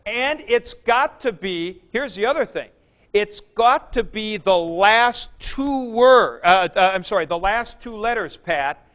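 Man, classroom lecture, high voice, slow deliberate delivery, smooth clear tone, patient, repeats key points. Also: animated, a bit bright. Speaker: Greek teacher.

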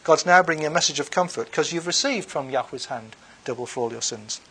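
A man's voice: on the high side, a little fast, fairly bright tone, breathy edge. A man giving an unscripted lecture on scripture, reading verses aloud and then explaining them in a conversational way, with frequent ums, uhs and restarts. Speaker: bible lecturer.

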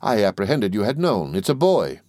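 A man voicing a mild, timid doctor who speaks softly and deferentially. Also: on the low side, sing-song, normal speed, no room sound, studio quality. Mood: meek soothing. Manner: soft, soothing, deferential.

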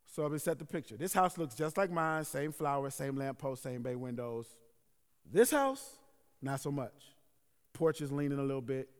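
Animated pastor telling a story. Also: male voice, mid-range voice, normal speed. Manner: animated, acts out scenes with sound effects. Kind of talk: sermon storytelling. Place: large worship hall. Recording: echoey hall.

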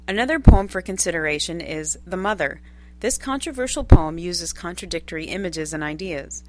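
A woman reading a scripted literature lesson in a measured way, posing study questions one after another. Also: fairly low pitch. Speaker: lecturer reading course text.

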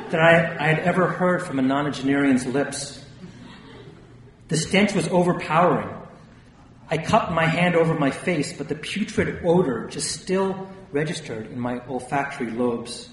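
A man's voice: fairly high pitch, moderate pace. Man narrating a memoir, distant echo. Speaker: audiobook narrator. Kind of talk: first-person memoir reading. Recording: distant, echoey room with long reverb.

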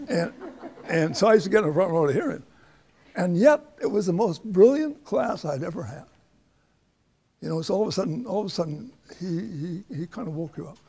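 A man's voice: on the high side, vocal fry, darkish tone, breathy edge. An older man, a professor, answering a student's question in an informal lecture with a rambling, anecdotal way of talking and many restarts.

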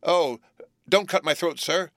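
A man's voice: mid-range voice, unhurried, fairly bright tone, no echo, clean studio sound, close to an everyday voice. A man voicing a frightened, timid small boy who pleads in a raised, strained voice, in an audiobook reading. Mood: terrified.

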